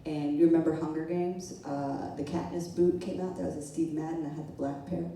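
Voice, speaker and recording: A young woman spins a funny tale from her own life in a loose, chatty way, often breaking into laughter. Her voice sits a little low for a woman. It carries through a very echoey room, picked up from some distance with faint noise behind. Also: steady tone, fairly quick, dark tone. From not from New York. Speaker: storyteller. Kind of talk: live storytelling to an audience. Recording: roomy echo, mic from a distance.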